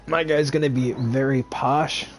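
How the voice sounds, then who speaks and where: A man's voice: mid-range voice, fairly even intonation, measured pace, soft background music. A tired young man chatting casually with his tabletop group, wry and self-deprecating. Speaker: tabletop player. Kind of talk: casual chat among tabletop players.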